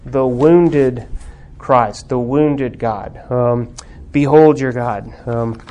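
A man leads a Bible class on theology and religious art, his mid-range voice carrying a dark tone. Reflective at first, with frequent pauses and fillers, he works up to fervent emphasis.

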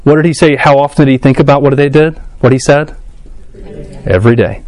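A man's voice: medium pitch, fast talker, a little mellow. A man leading a casual church class, thinking aloud with ums and restarts and putting questions to the group. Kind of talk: casual adult class lecture.

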